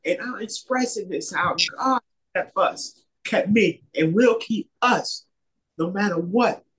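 A man's voice: sits high, takes it slowly, a bit bright, breathy edge. A man casually recounting a personal faith story, rambling and repeating himself as he retells what people said. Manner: rambling, repetitive retelling with many quoted exchanges. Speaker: storyteller sharing a faith testimony. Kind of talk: casual spoken testimony.

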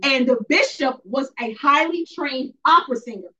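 A woman's voice: high-pitched, animated, normal speed, sharp tone. A woman giving a spirited church testimony, emphatic and repetitive in a preacherly way, heard from a distance. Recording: distant, dull lo-fi sound.

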